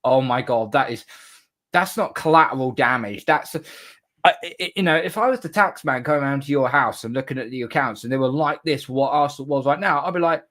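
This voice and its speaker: Excitable stammering man. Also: medium pitch, fairly quick. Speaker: guest. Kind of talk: casual fan chat.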